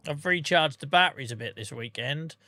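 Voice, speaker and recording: A man chatting casually on a gaming livestream, calling viewers by name and humming little tunes between remarks. His voice is bright and forward, and it sounds dry and close. He sounds relaxed. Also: a little high, fairly quick, no room sound. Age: adult with a day job. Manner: chatty, talks to viewers by name, hums to himself. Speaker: streamer.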